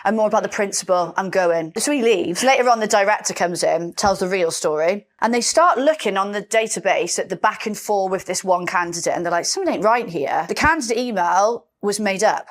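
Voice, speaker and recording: Blunt, expressive woman. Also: medium pitch, a little fast, few pauses. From Britain. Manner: blunt and expressive, swears freely, acts out quotes. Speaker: podcast co-host. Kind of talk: casual chat.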